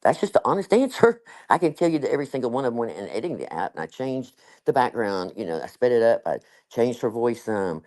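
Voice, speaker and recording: A man's voice: mid-range voice, very animated, fast talker, few pauses, a little mellow. Rambling man chatting casually. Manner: rambling, many fillers, laughs often. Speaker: guest. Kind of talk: casual chat.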